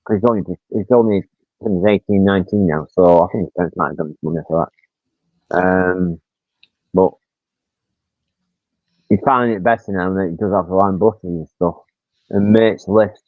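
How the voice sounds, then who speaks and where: A man's voice: low-pitched, normal speed, long pauses, no room sound. Rambling man in his fifties. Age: 50s. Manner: rambling storyteller, swears casually, acts out quotes. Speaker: livestream host. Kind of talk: casual chat. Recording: tinny, dry phone-like sound.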